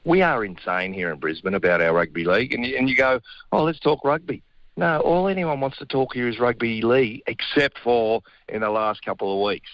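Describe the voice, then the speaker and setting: A man's voice: mid-range voice, fairly quick, hardly any pauses, no room sound. Man, Australian accent, middle-aged, blokey sports banter, muffled remote line. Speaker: radio guest, former rugby player. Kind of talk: casual sports chat.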